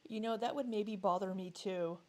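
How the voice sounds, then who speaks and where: A woman chatting casually as she reacts to a video she is watching, hesitant and quick to laugh. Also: mid-range voice, darkish tone. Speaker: reaction vlogger.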